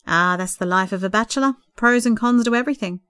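A woman's voice: on the high side, quick pace, a bit bright, smooth, dry recording, clean studio sound, lightly acted. A woman reading the part of a courteous young bachelor who talks in an earnest, slightly nervous way. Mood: friendly. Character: young adult bachelor man, courteous, sheepish.

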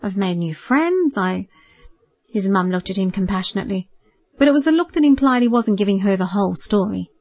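Woman reading a novel aloud, calm and measured, mid pitch, super dry close mic. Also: no echo. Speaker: audiobook narrator. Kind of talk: scripted narration.

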